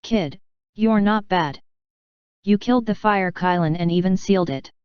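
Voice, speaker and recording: A woman's voice: medium pitch, moderate pace, clear, resonant tone, no echo, close to an everyday voice. A woman voicing a sinister, mocking young man in black robes for a storybook reading, in a dull, dry recording. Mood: sneering. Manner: mocking, cold.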